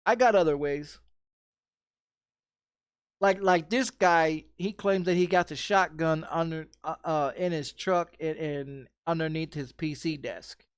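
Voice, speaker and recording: A man's voice: a little high, measured pace, clear, resonant tone, no echo. A man telling a rambling story in casual chat, swearing often and repeating himself with frequent restarts. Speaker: streamer.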